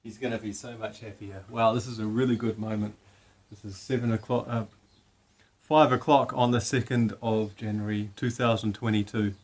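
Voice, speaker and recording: A man chatting excitedly at home beside a fish tank, often cooing to his pet fish in a high sing-song voice. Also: normal speed. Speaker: vlogger. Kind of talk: casual home vlog.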